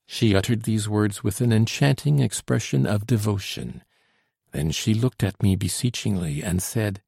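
A man narrating a story in the first person, with a measured storytelling delivery and a husky, gravelly voice. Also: fairly low pitch, a little mellow, dry recording, studio quality. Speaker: audiobook narrator.

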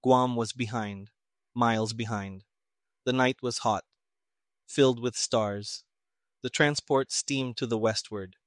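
A man narrating an audiobook in a steady, even storytelling manner. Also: mid-range voice, takes it slowly, pauses often, no room sound, studio quality.

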